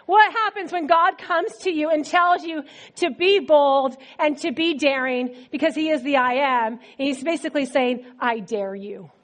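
A woman preacher giving a sermon in a conversational, animated storytelling manner. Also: high voice, moderate pace.

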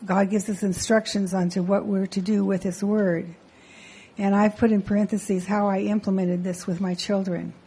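A middle-aged woman teaching from scripture at church in a measured way, then praying for the mothers. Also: mid-range voice, slightly rough, poor audio. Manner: measured, reads scripture aloud, even delivery. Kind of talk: sermon teaching and prayer. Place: church sanctuary.

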